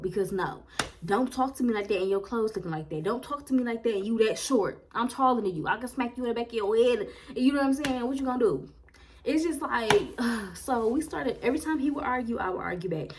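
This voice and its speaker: A woman, casually telling a personal story to her viewers, animated and full of slang and "like.". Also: a little high. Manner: animated, chatty, lots of "like" and slang. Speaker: storytime vlogger.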